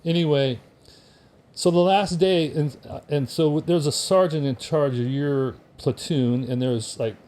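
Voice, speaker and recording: An older man from the United States tells casual stories in a fairly high voice. He is wry and animated, acting out the people he quotes. He sounds like a veteran guest reminiscing on a podcast. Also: unhurried. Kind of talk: casual storytelling.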